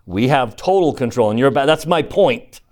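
A man's voice: mid-range voice, expressive, normal speed, darkish tone. A man teaching a scripture lesson to a class, emphatic and asking the room questions as he reads verses aloud.

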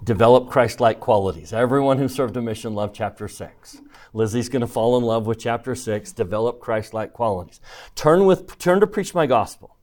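A man teaching a scripture class, emphatic and animated, calling on students by name in a classroom. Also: medium pitch, moderate pace. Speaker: religion teacher.

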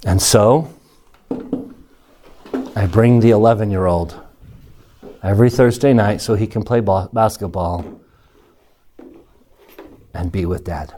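A middle-aged man giving a speech, telling personal stories in an animated way and acting out the people he quotes. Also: on the low side, slow, pauses often, slight background noise. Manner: animated storyteller, acts out quotes, chuckles through stories. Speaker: speaker addressing an audience.

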